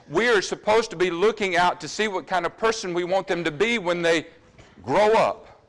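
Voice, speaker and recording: A man delivers a sermon in a church, pressing the congregation with earnest questions. His voice sits fairly high and swings widely in pitch as he preaches. He drops into quieter asides now and then. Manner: drops to quiet asides about running over time.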